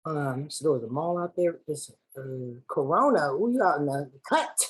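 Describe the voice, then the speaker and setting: A woman's voice: sits low, sing-song, normal speed, husky, low-quality recording. A woman from Los Angeles facilitating an online workshop over a video call in a playful, slangy, chatty way. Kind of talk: lively online workshop hosting.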